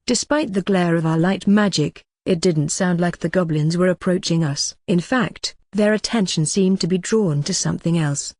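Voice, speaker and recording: An audiobook narrator giving a steady, even scripted reading of a fantasy novel. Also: medium pitch, normal speed, few pauses, dry recording, clean studio sound.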